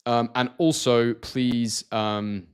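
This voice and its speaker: A man's voice: mid-range voice, fairly even intonation, takes it slowly, smooth. A man from Scotland hosting a casual live stream, reading out viewer comments and talking with many hesitations and restarts.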